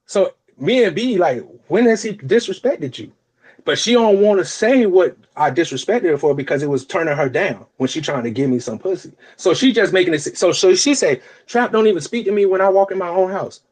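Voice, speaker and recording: Profane storytelling man, animated delivery. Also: sits high, fairly quick. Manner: animated, profane, acts out quotes in other voices. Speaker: podcast co-host. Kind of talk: casual storytelling chat.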